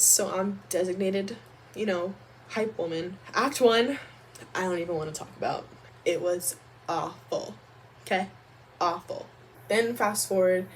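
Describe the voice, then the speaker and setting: A young woman vlogger telling a storytime about her own life in a chatty, animated way, full of "like". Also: medium pitch, a little hiss or hum. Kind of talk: storytime vlog.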